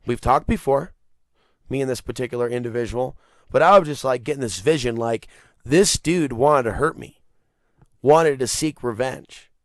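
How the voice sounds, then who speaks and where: A man's voice: mid-range voice, no echo, clean studio sound. Man ranting on his podcast. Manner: rambling, animated, swears and laughs. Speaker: podcast host. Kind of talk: casual monologue rant.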